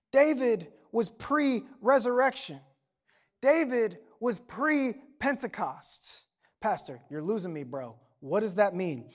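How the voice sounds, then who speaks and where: Speaking at a medium pitch, a young adult pastor gives a sermon at a church service. His tone moves from easygoing conversation to impassioned shouts.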